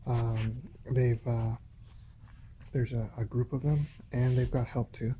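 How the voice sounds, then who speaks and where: A man, talking haltingly into his phone at home in a rambling monologue, full of pauses and restarts. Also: medium pitch, fairly even intonation, dark tone, a little hiss or hum. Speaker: vlogger. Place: home in a shared residential building.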